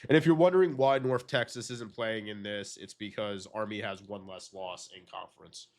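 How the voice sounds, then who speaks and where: A man with a cold, reacting to simulated game results in an excitable, disbelieving way and swearing often. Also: fairly low pitch, moderate pace. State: has a cold. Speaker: gaming video creator.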